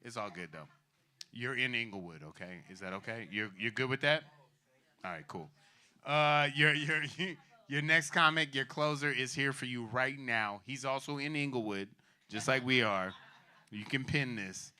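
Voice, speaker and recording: A man hosting a comedy night, his voice very bright and forward. He riffs loosely with the audience, laughs often, and builds up the next act. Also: mid-range voice, normal speed, smooth. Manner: loose, laughing, hyping the crowd. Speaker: comedy show host. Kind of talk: stand-up crowd work.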